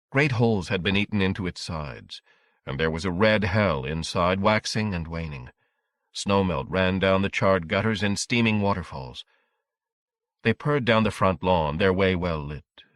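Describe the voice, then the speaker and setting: A man reading a horror audiobook in a measured, dramatic storytelling manner. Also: sits low, animated, no room sound, studio quality. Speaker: audiobook narrator. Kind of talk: scripted audiobook narration.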